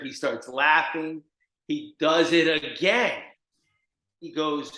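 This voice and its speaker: A man's voice: a little high, takes it slowly. A man from New Jersey telling stories as a guest in an interview, acting out the people he quotes. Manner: animated, acts out the people in his stories. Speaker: guest, recovery mentor. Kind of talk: storytelling in an interview. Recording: echoey room.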